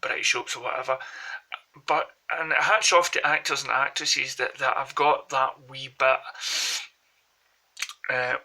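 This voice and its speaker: A man's voice: mid-range voice, steady tone, measured pace, bright, forceful tone, poor audio. A man with a Glaswegian accent from Scotland, rambling through casual anecdotes as a vlogger. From Glasgow, Scotland. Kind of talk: casual chat to camera.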